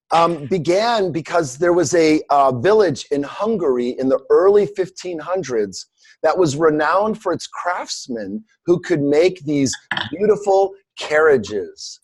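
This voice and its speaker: A man's voice: a little high, darkish tone. Jokey, rambling middle-aged male coaching instructor. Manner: rambling, jokey, self-mocking, many fillers. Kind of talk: casual teaching on a group call.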